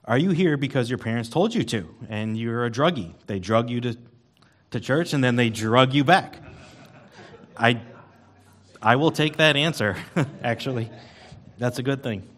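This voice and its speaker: A man's voice: medium pitch, expressive, normal speed, long pauses, fairly bright tone. A man giving a casual, rambling sermon in a church, self-deprecating and full of ums and uhs. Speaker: lay preacher at church service. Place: church sanctuary.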